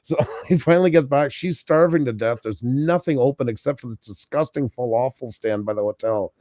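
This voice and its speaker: A man's voice: mid-range voice, a little fast, warm tone, no room sound, clean studio sound. A man from Canada telling a long funny anecdote in casual chat, laughing often and acting out what people said. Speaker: podcast co-host.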